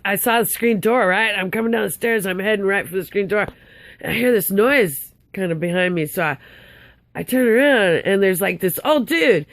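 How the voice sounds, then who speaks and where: An older woman with a gravelly, fry-laced voice recounts her story in a rambling, upset way. She stumbles over restarts and laughs bitterly between sarcastic remarks. The sound is dry and close. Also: fairly low pitch, no room sound. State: upset, tongue-tied. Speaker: vlogger. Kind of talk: casual storytelling monologue.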